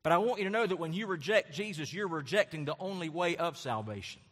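A man's voice: a little high, expressive, fast, fairly bright tone. A man preaching a sermon as pastor, emphatic and repetitive, with rhetorical questions. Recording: long hall reverb.

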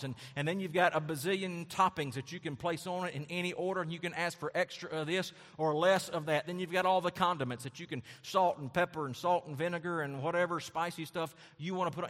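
A man's voice: a little high, brisk, hardly any pauses, fairly bright tone. A man preaching a sermon as pastor, emphatic and repetitive, with rhetorical questions. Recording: long hall reverb.

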